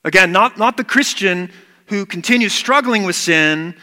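A man's voice: high voice, expressive, moderate pace, bright, forceful tone, big-room sound. A man preaching a sermon as pastor, earnest and emphatic, repeating key words.

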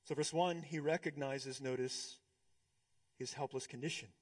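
A male pastor preaching a sermon, swinging between hushed, slow stretches and emphatic, rising ones. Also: medium pitch, steady tone.

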